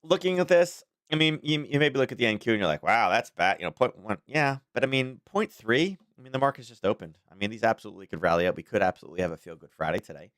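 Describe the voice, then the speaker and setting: A man's voice: medium pitch, lively intonation, fast, few pauses, a bit bright, no room sound, clean studio sound. A man hosting a casual daily market commentary stream, talking in a rambling, chatty way with frequent chuckles.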